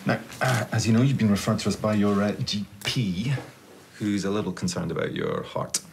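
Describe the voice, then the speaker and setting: An actor playing a polite, measured heart consultant speaking to a patient. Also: male voice, lowish voice, gravelly, noisy background. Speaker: doctor. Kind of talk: TV soap drama acting.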